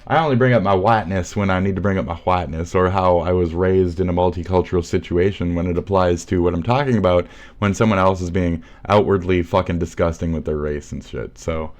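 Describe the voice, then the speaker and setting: A man chatting casually as co-host, slow and low-key, with frequent swearing. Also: a little mellow. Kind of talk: casual chat.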